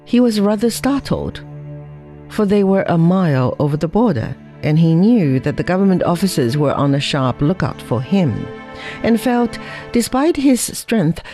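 A reader narrating a story in a measured storybook manner. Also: medium pitch, sing-song, a little mellow, soft background music, rough recording. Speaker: audiobook reader. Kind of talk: scripted narration.

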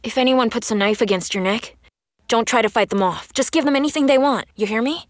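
A woman's voice: a little high, fairly quick, no echo, clean studio sound, close to an everyday voice. A woman playing a curt elder sister. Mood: stern. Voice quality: curt, sharp-tongued. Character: stern, blunt, protective elder sister. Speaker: dub actor. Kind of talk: dubbed drama dialogue.

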